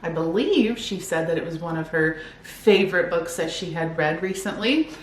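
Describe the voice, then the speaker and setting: Chatting from home, a book vlogger upbeatly shows off her new books in an informal haul, reading some back-cover blurbs aloud along the way. She speaks at a normal speed in a lowish voice, in an echoey space with faint noise behind her.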